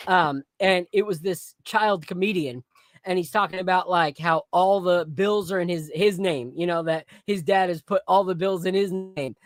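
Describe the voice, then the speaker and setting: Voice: medium pitch, normal speed, no room sound. Blunt, slangy podcast host, dry mic. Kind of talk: casual sports and whiskey chat.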